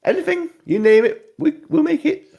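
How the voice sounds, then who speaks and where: A man's voice: extremely high pitch, lively intonation, normal speed, creaky, over a noisy crowd, voice pushed up, full character voice. A man voicing a working-class female tavern keeper, chirpy and eager to please.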